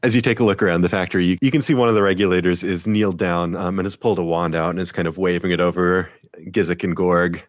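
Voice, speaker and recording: List: male game master, loose narration, low voice, dry close sound. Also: fairly even intonation, fast, dry recording. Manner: loose, filler-heavy narration.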